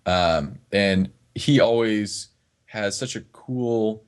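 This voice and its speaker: A man's voice: fairly low pitch, extremely slow, clean tone. A man from northeast Florida, a fitness trainer talking earnestly as a podcast guest, often restarting his words. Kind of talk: casual podcast conversation.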